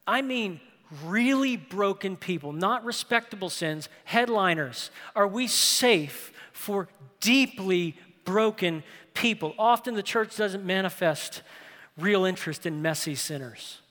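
Male pastor, bright forceful tone, dramatic sermon delivery in a big reverberant sanctuary. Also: high voice, animated, measured pace. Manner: impassioned preaching, swinging from loud to hushed. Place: large church sanctuary. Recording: long reverb of a large hall.

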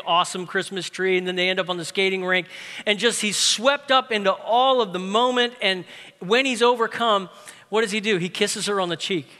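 A male pastor giving a lively, conversational sermon with casual asides and humor, recorded in a large reverberant room. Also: high voice. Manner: lively, conversational, uses humor and pop-culture stories.

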